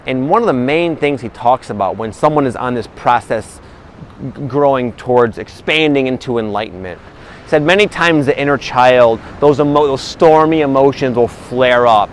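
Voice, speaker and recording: A man giving a casual spiritual talk to his viewers, relaxed and rambling, with many fillers and restarts. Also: medium pitch, moderate pace, slight background noise, poor audio. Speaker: spiritual vlogger.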